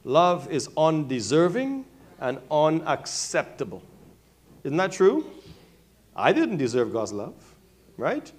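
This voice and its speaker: A male pastor preaching a sermon, calling on members of his congregation by name, swinging from quiet remarks to loud, high-pitched exclamations. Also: wildly swooping pitch, slow pace, pauses often. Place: church sanctuary.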